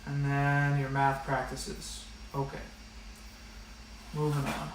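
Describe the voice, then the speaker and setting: In an echoey room with a slightly distant mic and some light hiss or hum, a man reviews the rules of his online math class. His mid-range voice is completely flat and slow, and he talks casually and directly, using lots of fillers.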